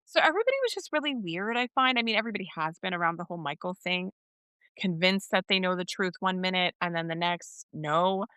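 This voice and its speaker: A woman co-hosts a podcast in casual chat. Her voice is bright and forceful, and she acts out what others said in put-on voices. The sound is dry and close to the microphone. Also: fairly low pitch, animated, fast talker, clear, resonant tone, dry recording. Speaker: podcast co-host. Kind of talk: casual chat recapping a soap opera.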